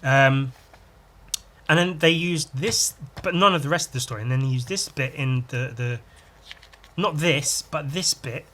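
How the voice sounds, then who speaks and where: A man's voice: medium pitch, unhurried, sharp tone. A man hosting a podcast, chatting casually and enthusiastically while reading a comic and adding his own sound effects. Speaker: podcast host.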